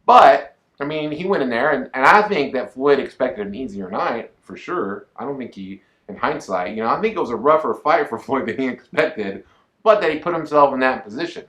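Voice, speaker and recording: A man co-hosting a casual talk podcast, chatting in an animated, joking way. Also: mid-range voice, reverberant. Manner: animated, jokey, quick asides. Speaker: podcast co-host. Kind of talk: casual chat.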